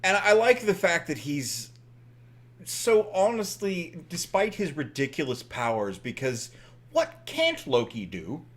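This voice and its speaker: A man's voice: on the high side, wildly swooping pitch, a little slow. A young man co-hosting a podcast, chatting casually in a meandering, joking way and swearing often. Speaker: podcast co-host. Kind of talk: casual chat.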